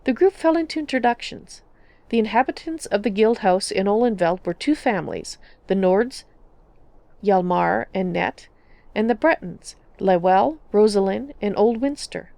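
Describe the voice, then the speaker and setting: A woman tells a fantasy story in an even, storybook narration. Her mid-pitched voice sits close and dry on the mic. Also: normal speed, gravelly, no room sound. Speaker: roleplayer narrator.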